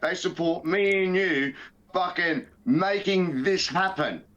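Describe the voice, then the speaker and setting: High-voiced Australian guy, podcast co-host, blunt and sweary. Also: slow, lo-fi sound. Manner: outspoken, profane, animated. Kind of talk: casual podcast banter.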